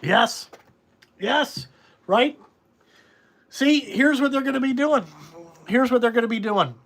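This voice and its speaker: A man with a notably high voice talks casually on a podcast about running a trucking business. He is blunt and profane and rambles from one point to the next. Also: slow pace, fairly bright tone. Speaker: trucking company owner.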